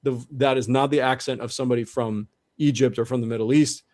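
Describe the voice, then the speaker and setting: Interview guest, male, mid-pitched, earnest and methodical, frequent restarts, dry close sound. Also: fairly even intonation, fast talker, a little mellow, no echo. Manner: earnest, restarts often, builds argument step by step. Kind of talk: conversational interview explanation.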